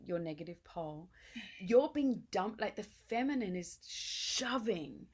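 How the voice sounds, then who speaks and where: A woman's voice: medium pitch, lively intonation, unhurried, slightly rough. A woman in her late forties hosting a casual conversation, frank and emphatic, swearing freely. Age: 40s. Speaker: podcast host.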